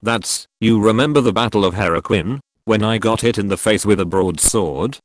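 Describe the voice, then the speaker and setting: Man reading as a weary grieving Norse god, low voice, subdued, dry close sound. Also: moderate pace, no echo, lightly acted.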